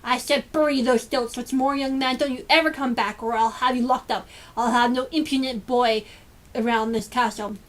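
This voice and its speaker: A woman's voice: fairly high pitch, moderate pace, natural voice. A woman voicing a stern, joyless male lord in a storybook reading, speaking harshly and muttering.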